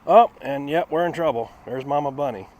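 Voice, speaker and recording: A man hosting a casual car-restoration vlog outdoors. He talks in a chatty, folksy way and swings between a high, excited voice and a flat one. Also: a little fast, a little hiss or hum. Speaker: channel host.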